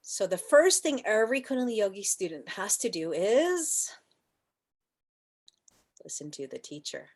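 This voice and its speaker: A woman's voice: medium pitch, sing-song, normal speed. Chatty woman teaching a yoga class. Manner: chatty, rhetorical questions, playful; soft chanting and whispering at times.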